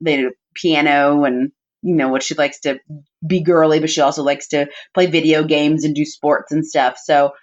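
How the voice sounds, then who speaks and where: A woman with a fairly low voice shares family stories as a podcast guest, heartfelt and chatty, her sentences full of "like" and "you know". The audio is dull and muffled. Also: little pitch movement, moderate pace. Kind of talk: personal storytelling in conversation.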